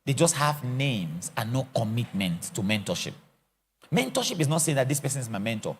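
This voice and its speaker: A man's voice: mid-range voice, fairly quick, a little hiss or hum. A middle-aged man from Africa, an apostle teaching a church session in a theatrical, joking way. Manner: animated, theatrical, acts out scenes and jokes. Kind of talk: lively teaching sermon.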